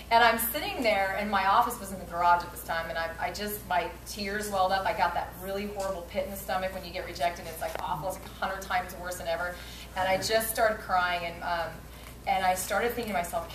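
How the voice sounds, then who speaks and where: A woman in her thirties giving a motivational talk, telling stories in a chatty, animated way and acting out what people said. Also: medium pitch, brisk. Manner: chatty, animated storytelling with acted-out quotes. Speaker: network marketing speaker. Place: event hall. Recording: echoey hall from far off, faint room noise.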